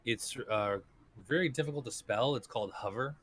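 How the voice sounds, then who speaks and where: A man narrating a tabletop role-playing game as game master, in a relaxed, loose manner. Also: mid-range voice, moderate pace, slightly rough.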